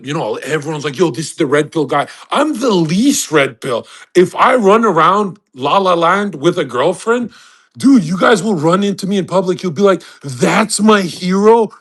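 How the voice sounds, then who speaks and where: A man in his thirties, hosting a casual live audio chat, rambling loudly, laughing and acting out the voices of people he quotes. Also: high-pitched. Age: 30s. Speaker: host.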